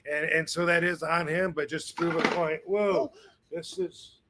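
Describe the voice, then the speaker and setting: A man's voice: fairly high pitch, steady tone, normal speed, noisy background. A man hosting a podcast in casual chat, laid-back and slangy, often trailing off mid-sentence. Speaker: podcast host.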